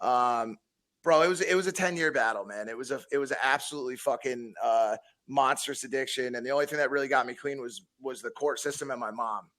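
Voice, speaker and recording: A man's voice: medium pitch, brisk, fairly bright tone. Blunt, profane man telling a story. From Connecticut, USA. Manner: blunt, heavy swearing, frequent repeats. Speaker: podcast guest. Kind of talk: casual podcast storytelling.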